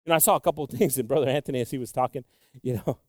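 A man preaching a sermon with passion, moving between loud exclamations and quiet, low asides. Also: racing, dry recording, clean studio sound.

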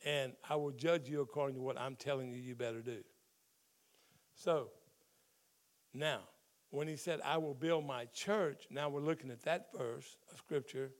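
A man's voice: mid-range voice, steady tone, normal speed, long pauses. A man who is a pastor, preaching a sermon in a conversational way and explaining the meaning of Greek words in scripture.

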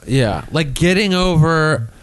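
A man's voice: fairly high pitch, animated, slow pace. A man co-hosting a comedy podcast, riffing in casual chat, swearing freely and acting out bits. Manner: riffing, profane, acts out bits. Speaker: podcast co-host.

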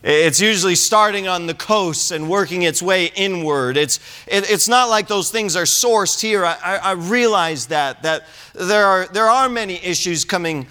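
A man from California preaching a sermon in a church, animated and humorous, often restarting his sentences. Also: sits high, normal speed, clean tone. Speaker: pastor. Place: church sanctuary.

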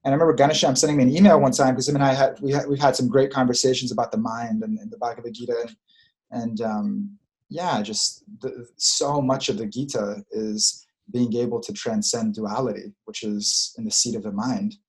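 Earnest male coach for a reflective spiritual talk, mid-pitched, working through his thoughts aloud. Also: fairly even intonation, fairly quick, a little mellow. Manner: earnest, searching, repeats phrases.

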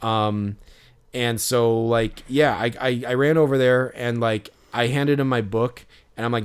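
A man's voice: mid-range voice, steady tone, unhurried, clear, resonant tone. A man hosting a podcast, telling a story in a rambling way, with many fillers and restarts. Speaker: podcast host. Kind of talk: casual podcast chat.

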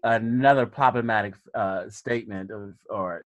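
A man's voice: on the low side, moderate pace, no echo. A man from Alabama with a light Southern accent, a podcast guest talking in a reflective, casual way with frequent restarts. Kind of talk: casual conversation.

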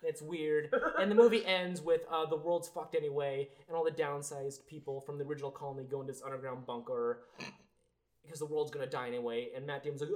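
This young podcast co-host talks fast in a fairly high, darkish voice with fairly even intonation. In a casual movie review chat, he rambles about a film, stuffing in fillers and trailing off.

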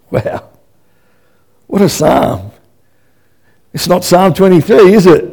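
Male pastor, high and gravelly voice, fervent sermon delivery with stop-start repeats. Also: unhurried, long pauses. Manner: impassioned, swinging between loud and hushed; repeats and restarts words.

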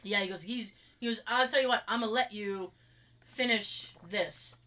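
Her pitch is medium and her pace normal as this woman from Massachusetts spins a story in an easygoing chat. She speaks with a Massachusetts accent and adds lively sound effects along the way.

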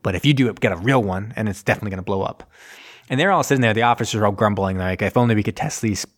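A man's voice: lowish voice, a bit bright. Rambling man recapping a movie. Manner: rambling, acts out scenes in quick voices. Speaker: podcast host recapping a film. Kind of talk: casual chat.

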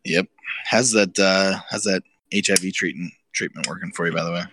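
A man's voice: low voice, a little fast, pushed and bright, a little hiss or hum. A man co-hosting a podcast, telling crude, swear-laden stories in casual chat and laughing often. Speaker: podcast co-host.

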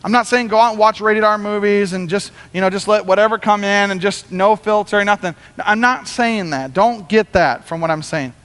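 A man preaching a sermon as pastor, talking in an animated, conversational way. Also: high voice, moderate pace, few pauses, clean tone, big-room sound.

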